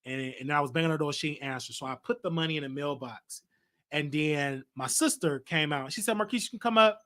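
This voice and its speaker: Speaking briskly in a slightly high, slightly bright voice, a male host with a Southern US accent delivers a livestream talk show monologue. He vents candidly about his family and keeps restarting his sentences.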